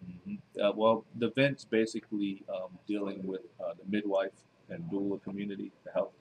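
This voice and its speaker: Deep-voiced earnest New Jersey man. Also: steady tone, darkish tone, slight background noise, low-quality recording. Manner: earnest, measured, many fillers. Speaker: guest, author and minister. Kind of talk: casual interview.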